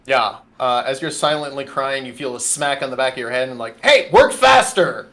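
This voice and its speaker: A man's voice: mid-range voice, steady tone, brisk, sharp tone. A man running a tabletop game as game master over an online call, narrating casually with many fillers. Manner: casual, rambling, full of fillers.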